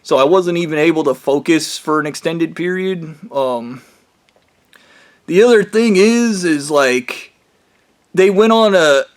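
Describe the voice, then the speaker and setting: A man's voice pitched a little higher than usual, caught in a heated, rambling rant. He swears constantly, restarts his sentences and trails off mid-thought. His tone stays scornful and agitated throughout. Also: a little slow. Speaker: vlogger. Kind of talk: profane angry rant.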